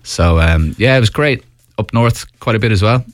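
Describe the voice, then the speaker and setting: A man guesting on a radio show, relaxed and blunt with dry humour. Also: on the low side, moderate pace, dry recording, faint music behind. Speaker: guest musician. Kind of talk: casual radio interview. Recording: dry studio.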